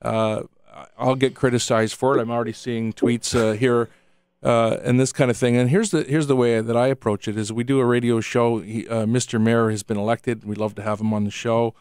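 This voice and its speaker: A man's voice: medium pitch, flat delivery, a little fast, a little mellow, clear, resonant tone, dry recording. A man hosting a radio interview, asking meandering, hesitant questions full of fillers. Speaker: radio host. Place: radio studio. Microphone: studio microphone.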